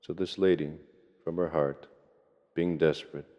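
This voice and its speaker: A man preaching a sermon as a monastic priest, in a measured, earnest way with slowed emphasis. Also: rumbling low, steady tone. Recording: long reverb, dull lo-fi sound.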